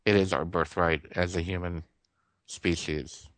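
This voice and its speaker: A man with a fairly low voice delivers an impassioned spiritual monologue on talk radio, earnest and heartfelt. He circles back on phrases to press his point. The sound is dry and close, with no room around it. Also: fairly even intonation, a little slow, fairly bright tone, no echo. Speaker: radio show host.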